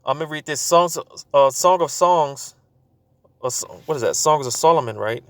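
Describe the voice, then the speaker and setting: A man's voice: fairly high pitch, expressive, moderate pace, fairly bright tone, no echo. A man giving a casual preaching talk to his channel, loose and informal, full of fillers and repeated words. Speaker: religious video host.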